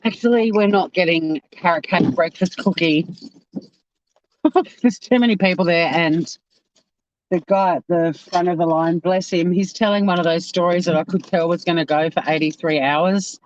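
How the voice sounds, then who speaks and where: A woman's voice: on the low side, fairly even intonation, moderate pace, lo-fi sound, a little hiss or hum. A woman vlogging from inside her car, ranting in exasperation and swearing freely. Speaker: YouTuber. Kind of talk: casual vlog rant.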